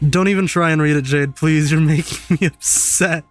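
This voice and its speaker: A man's voice: fairly high pitch, fairly even intonation, normal speed, faint music behind. Chatty young man streaming a game. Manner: chatty, swears a lot, chats with viewers. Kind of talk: casual gameplay commentary.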